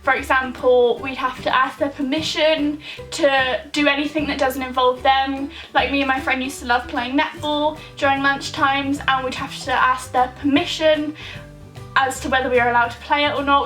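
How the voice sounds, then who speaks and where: Young woman, high voice, chatty vlog Q&A, upbeat, soft music underneath. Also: poor audio. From United Kingdom. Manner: chatty and upbeat, reads out questions then answers. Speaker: YouTuber answering viewer questions. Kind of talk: casual vlog Q&A.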